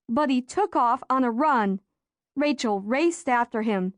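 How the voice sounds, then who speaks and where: A woman narrating a children's audiobook in a lively storytelling manner. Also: sits high, measured pace, no room sound. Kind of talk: scripted narration. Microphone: studio microphone.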